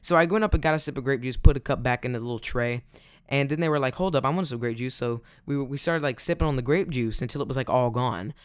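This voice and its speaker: A man's voice: mid-range voice, fast talker, clean tone, no room sound, clean studio sound. A man telling a casual storytime in a rambling way, full of fillers. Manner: rambling, filler-heavy, "like" every few words. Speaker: vlogger.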